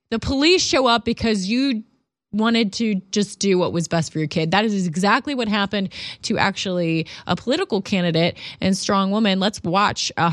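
A woman's voice: medium pitch, no echo. A woman guest-hosting a talk show, chatty and indignant, speaking emphatically. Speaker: guest host.

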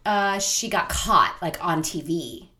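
A woman co-hosting a podcast, speaking hesitantly with halting restarts and trailing off. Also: lowish voice, lively intonation, pushed and bright. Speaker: podcast co-host. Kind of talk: casual chat.

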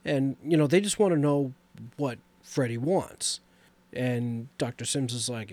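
A man's voice: medium pitch, animated, normal speed, darkish tone. A man casually retelling a horror movie's plot in a loose, rambling way with lots of fillers. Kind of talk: casual movie recap chat.

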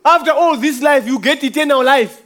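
A man's voice: very high-pitched, moderate pace, fairly bright tone. A man giving an informal church testimony, telling a rambling story with frequent chuckles.

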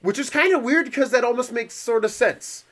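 A man's voice: very high-pitched, animated, normal speed, fairly bright tone. A man hosting a casual comedic chat podcast who swears freely and keeps slipping into goofy voices while retelling history. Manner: swearing, laughing, slips into goofy put-on voices. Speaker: podcast host presenting history.

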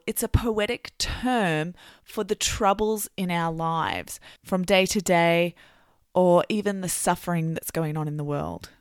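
A woman hosting a podcast, explaining words in a clear, teacherly way before an interview. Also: fairly low pitch, animated, takes it slowly, no echo, studio quality. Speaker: podcast host. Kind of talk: podcast intro and vocabulary lesson.

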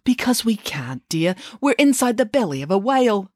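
A woman voicing a loving, fretful mother in a read-aloud storybook, with a shrill, anxious delivery. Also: very animated, moderate pace, a little mellow, no room sound, studio quality. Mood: tender.

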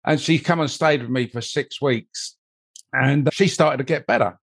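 Older man, rambling anecdotal storytelling, interview guest, mid-pitched voice. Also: normal speed, fairly bright tone. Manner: rambling, anecdotal, frequent "you know" asides. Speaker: interview guest, mold investigator. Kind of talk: conversational storytelling.

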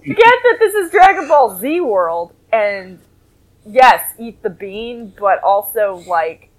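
A woman co-hosting a casual podcast, recapping a cartoon in an animated way and breaking into laughs. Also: fairly high pitch, slow, poor audio. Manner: animated, laughing, acts out characters in quotes. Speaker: podcast co-host.

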